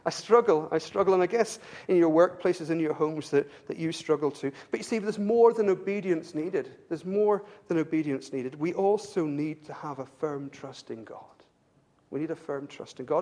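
An English pastor preaches earnestly to his congregation at normal speed, his voice a little mellow. As he builds toward his point he repeats words when stirred, and his pitch climbs with his fervor.

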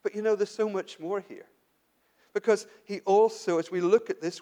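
High-voiced man preaching. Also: fairly even intonation, moderate pace. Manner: conversational, many restarts and rhetorical questions; drops to a soft, quiet voice for emphasis. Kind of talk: sermon.

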